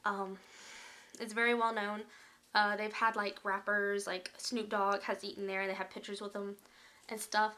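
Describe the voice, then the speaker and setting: A young woman telling a spooky story from her own life at home, chatty and animated, with lots of fillers. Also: medium pitch, normal speed. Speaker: vlogger. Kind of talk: casual storytime.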